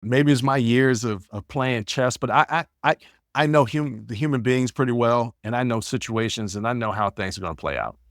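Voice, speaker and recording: A man's voice: medium pitch, moderate pace, no room sound. Blunt-talking man, dry close sound. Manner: blunt, repeats words while thinking. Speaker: podcast host. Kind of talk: casual storytelling monologue.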